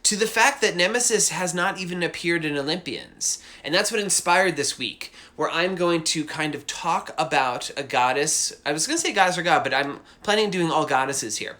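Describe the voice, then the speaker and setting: A man with a slightly high voice chats casually from home while he hosts a live drawing stream. He talks in a rambling, enthusiastic way, full of asides and quick tangents. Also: lively intonation, bright, forceful tone. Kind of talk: casual livestream chat.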